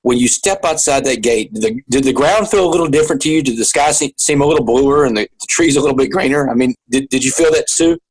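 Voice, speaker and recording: A man, a guest in an interview, telling his story earnestly and haltingly with many restarts. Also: medium pitch, breathy edge, poor audio.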